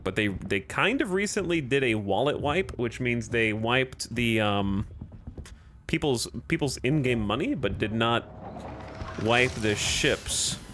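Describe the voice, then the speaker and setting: A man's voice: medium pitch, expressive, a little slow, a bit bright. Guy streaming a game, rambly and jokey, voice jumps up and down a lot, kinda noisy mic. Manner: rambling, jokey, restarts his sentences. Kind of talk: casual live-stream chat.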